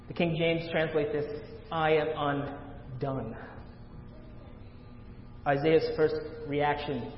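A male pastor preaching a sermon, rising loud on scripture readings and dropping to a hush at the ends of points. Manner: dramatic swells of volume on scripture, hushed low endings. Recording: echoey hall, dull lo-fi sound.

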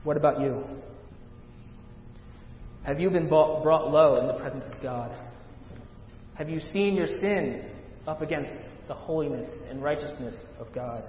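A man's voice: measured pace, long pauses, slight background noise. Man preaching in an echoey hall. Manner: dramatic swells of volume on scripture, hushed low endings. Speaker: pastor. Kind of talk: sermon. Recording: echoey hall, dull lo-fi sound.

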